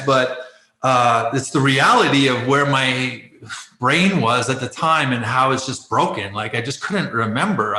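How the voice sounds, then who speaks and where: Bright-voiced man telling candid stories. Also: medium pitch, echoey room, poor audio. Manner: animated, laughs often, acts out quoted exchanges. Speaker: guest, former pro athlete turned life coach. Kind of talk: candid conversational storytelling.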